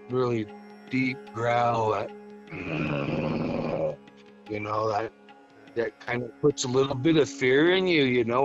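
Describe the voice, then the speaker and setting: A man from the Blackfeet reservation telling a ghost story as a podcast guest, halting, with many fillers and restarts. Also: mid-range voice, lo-fi sound. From Blackfeet reservation, Montana, US.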